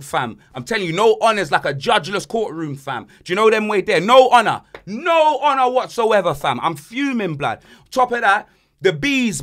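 Brief: young lad, high bright voice, comic ranting podcast host. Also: male voice. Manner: animated, joking rants. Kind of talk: casual banter podcast.

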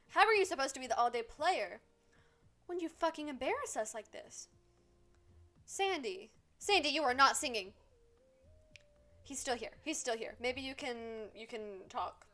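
A woman streaming a life-sim game, excitably scolding the characters and swearing freely in casual commentary. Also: high voice, moderate pace. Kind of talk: casual live gameplay commentary.

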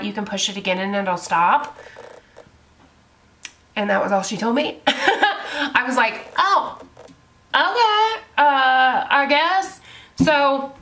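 A young woman, telling a story to her camera in a casual vlog, chatty and full of swearing. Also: fairly high pitch. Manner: chatty, swears a lot, animated retelling. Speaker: beauty vlogger.

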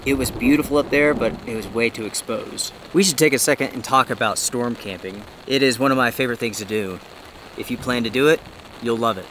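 Sheltering under a tarp as rain falls steadily through the forest, this North Carolina man talks a little fast in a mid-range voice, narrating his camping trip straight to camera. He's relaxed and chatty, sometimes short of breath, and the camera mic recording is low in quality.

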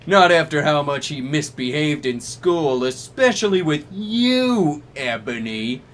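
A grumpy old wizard headmaster barks his lines in a raised, swooping voice, as a reader puts him on. He sounds cranky and put out, and the delivery is slow and drawn out. Faint noise sits behind the voice. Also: mid-range voice, expressive, a bit bright.

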